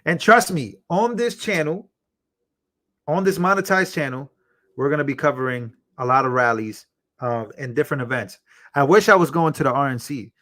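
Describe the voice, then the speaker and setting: A man's voice: fairly high pitch, normal speed, sharp tone. A man hosting a casual livestream, reading out donations and rambling in a heartfelt way with lots of fillers. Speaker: livestream host.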